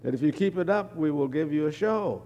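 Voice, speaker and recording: Guy putting on a doubtful company man, higher pitched, questioning, echoey hall. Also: animated, a little fast, mellow, dull audio. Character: skeptical male photo company man. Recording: long hall reverb.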